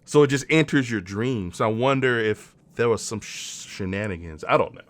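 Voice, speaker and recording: Lively-pitched man in profane casual chat. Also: moderate pace. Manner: profane, musing, drops into mock outbursts. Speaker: podcast co-host.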